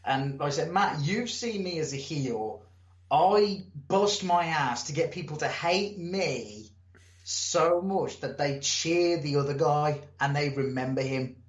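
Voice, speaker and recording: A man's voice: a little high, a little slow. Guy telling wrestling stories. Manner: animated storyteller, acts out crowd and promoter; swears casually. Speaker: wrestler, interview guest. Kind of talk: casual storytelling interview. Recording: echoey room, muffled lo-fi sound.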